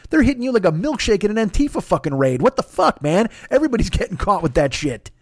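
Fast-talking profane podcast man. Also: high-pitched, big pitch swings, no echo, studio quality. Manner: profane, sarcastic, ranting. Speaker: podcast host. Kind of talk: solo comedic rant.

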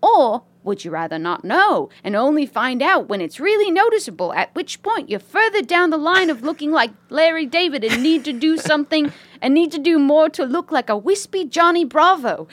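Woman co-host, lively mock-British read, high voice, dry close mic. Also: moderate pace, no room sound. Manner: playful, jokey mock-British reading. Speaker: podcast co-host. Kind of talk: reading a listener email aloud with a put-on British accent.

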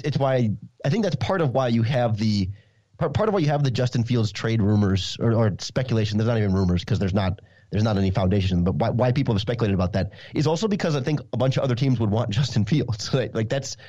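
Male guest, casual sports talk, low voice, dull dry lo-fi audio. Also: quick pace, warm tone, dry recording. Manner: talkative, repeats words as he thinks. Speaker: podcast guest.

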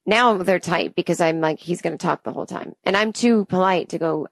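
Woman, 30s, podcast host, comic storytelling, exasperated, rambling, lowish voice, dry sound. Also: fast talker, gravelly, few pauses, no echo. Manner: exasperated, rambling and self-deprecating. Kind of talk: comedic storytelling monologue.

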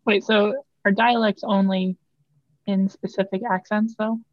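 A woman co-hosting a casual podcast, curious and quick to ask questions, on a dull lo-fi mic. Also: medium pitch, little pitch movement, no echo. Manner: curious, asks questions, laughs easily. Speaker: podcast co-host.

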